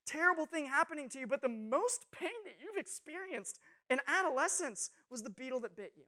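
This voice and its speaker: A young adult woman speaking to students in a youth sermon, telling funny stories with animated, self-mocking humor. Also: high-pitched, brisk.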